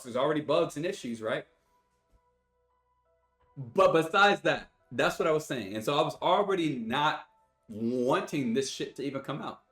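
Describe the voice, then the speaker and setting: A man's voice: mid-range voice, a bit bright. A young man streaming games, ranting angrily and profanely to his chat in an exasperated, sighing voice. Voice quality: profane, exasperated, with heavy sighs. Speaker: gaming streamer. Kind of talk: angry rant to stream chat. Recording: roomy echo with faint music.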